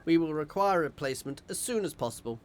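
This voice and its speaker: A man's voice: a little high, animated, fast, a little hiss or hum, natural voice. A man voicing a devout, solemn male machine priest, reading game dialogue in a ceremonial way. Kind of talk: video game voice-over reading.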